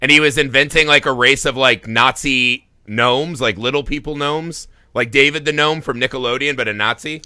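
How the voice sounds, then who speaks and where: Guy on a movie podcast, bright voice, swears a lot, laughs, dry close sound. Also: medium pitch, normal speed, few pauses, clean tone, no room sound. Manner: animated, profane, laughs often. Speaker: podcast co-host. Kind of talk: casual film chat.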